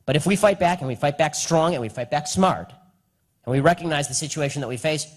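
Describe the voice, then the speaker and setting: A young man giving a combative live speech and answering audience questions, with rapid, repetitive emphasis. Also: on the high side.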